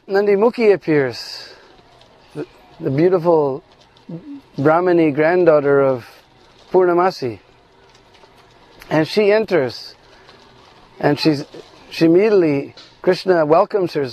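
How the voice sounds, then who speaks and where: Gravelly guy telling a devotional story, kinda high, lots of asides. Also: rough recording. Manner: animated, lots of fillers and asides. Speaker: spiritual storyteller.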